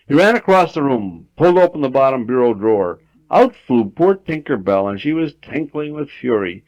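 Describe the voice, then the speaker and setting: A man reading a children's story aloud at home, expressive, lifting his voice for emphasis. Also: fairly high pitch, moderate pace, no echo. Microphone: home tape recorder. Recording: dull 1960s home audiotape.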